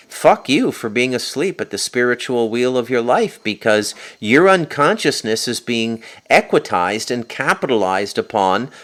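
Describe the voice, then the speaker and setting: A man's voice: mid-range voice, a bit bright. A man delivering a spoken monologue as host, insistent and peppering his points with a questioning "okay?". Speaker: host and author.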